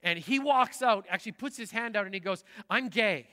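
Bright high-voiced pastor preaching in hall. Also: male voice, fast talker. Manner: conversational storytelling, lively and animated. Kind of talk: sermon. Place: large church sanctuary.

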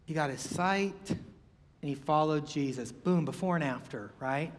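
A man's voice: a little high, unhurried, long reverb tail. A man preaching a sermon in a conversational way, full of rhetorical questions and acted-out quotes.

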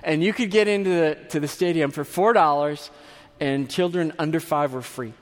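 A man's voice: a little high, moderate pace, big-room sound. A man preaching a sermon as pastor, telling stories conversationally with asides and restarts.

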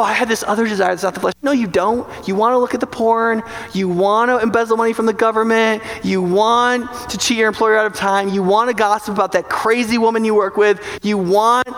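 A man preaching a sermon in an animated, joking way, now and then acting out inner voices. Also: high-pitched, normal speed. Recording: large hall with long reverb.

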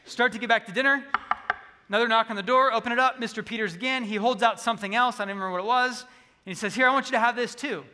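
A man's voice: extremely high pitch, steady tone, rapid-fire, bright, forceful tone. A man preaching a sermon, telling a personal story earnestly and acting out the dialogue. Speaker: pastor. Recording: long reverb of a large hall.

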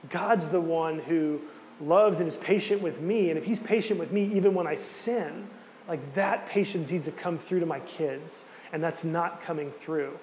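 A man's voice: on the high side, normal speed, a little mellow. A man giving a casual, conversational teaching talk with many fillers and asides. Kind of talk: sermon-style teaching talk. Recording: hall reverb with faint background noise.

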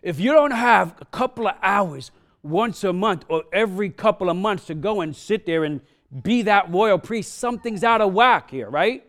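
Male pastor, high voice, accented English, punchy sermon delivery with call-outs to the room. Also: expressive, moderate pace, fairly bright tone. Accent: non-native English accent. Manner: punchy, repeats questions to the congregation, frequent "huh?". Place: church sanctuary.

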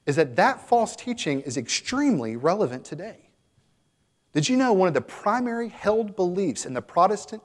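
Male pastor delivering a sermon, earnest and emphatic, slightly high voice, long hall echo. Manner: earnest, emphatic, building to exhortation.

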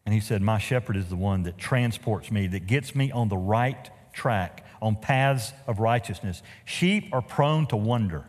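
Animated male pastor preaching in a reverberant hall. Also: lowish voice, measured pace, hardly any pauses. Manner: animated storytelling with humorous asides. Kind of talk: sermon. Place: church sanctuary.

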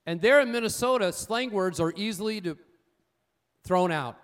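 A man's voice: high voice, moderate pace, a bit bright. A male pastor preaching a sermon in a folksy, humorous storytelling style, repeating his key points and asking the congregation "amen?".

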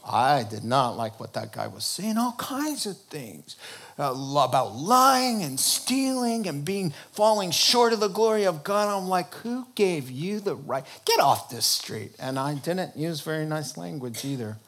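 A male preacher telling his conversion story in a sermon, animated and often laughing as he acts out conversations. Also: fairly high pitch, a little slow.

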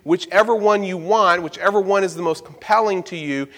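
A man's voice: sits high, brisk, fairly bright tone. A man preaching a Bible-study sermon, explaining verses emphatically and turning to the listeners with asides. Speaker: pastor. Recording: long hall reverb.

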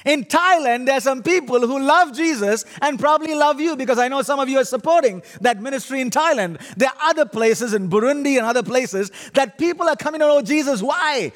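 A middle-aged man from India with an Indian accent, preaching a humorous, animated sermon that teases the audience. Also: extremely high pitch, fairly quick, hardly any pauses, in a large hall. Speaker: guest preacher.

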